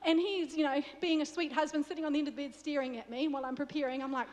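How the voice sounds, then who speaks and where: A woman's voice: high voice, fairly even intonation, fast, hardly any pauses, darkish tone. A woman with a New Zealand accent preaching a sermon, chatty and joking with the congregation. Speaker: guest preacher. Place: church. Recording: long reverb of a church hall.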